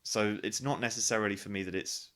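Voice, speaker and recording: A man talking in a fairly low voice with a bright, forceful edge. He chats freely as an interview guest, thinking aloud and often restarting his sentences. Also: steady tone, quick pace. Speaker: guest, pantomime actor. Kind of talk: casual interview chat.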